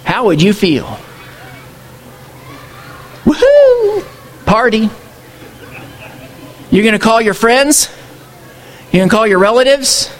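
Male pastor, high voice, conversational sermon full of rhetorical questions. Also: expressive, normal speed.

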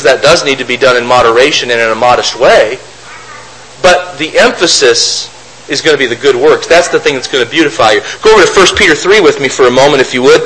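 A man's voice: medium pitch, fairly bright tone, slight background noise, poor audio. A man preaching a sermon, reading scripture aloud and then explaining it with rhetorical questions. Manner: mocks opponents' arguments in a raised voice.

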